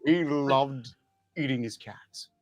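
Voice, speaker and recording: A man playing in a comedic tabletop role-play stream, delivering deadpan, dry one-liners. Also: mid-range voice, slow.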